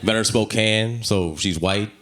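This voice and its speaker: Stand-up comic, young man, low voice, crude brash delivery, ranting bits, noisy live room on a stage mic. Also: moderate pace. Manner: brash, crude, rising to shouted rants. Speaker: stand-up comedian. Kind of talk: stand-up comedy set. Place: comedy club stage with a laughing audience.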